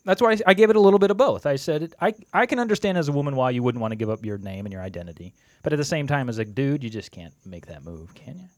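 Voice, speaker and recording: Guy rattling off his opinions on a podcast, talks quick, dry close sound. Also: mid-range voice, expressive, dry recording. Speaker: podcast guest. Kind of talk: casual chat.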